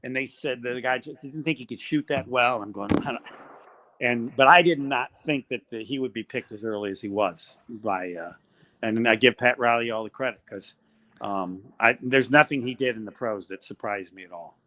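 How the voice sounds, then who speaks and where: An older man, a college basketball play-by-play announcer, telling animated stories as a podcast guest. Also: mid-range voice, normal speed. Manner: animated storyteller, acts out quoted voices. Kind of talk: storytelling in a podcast interview.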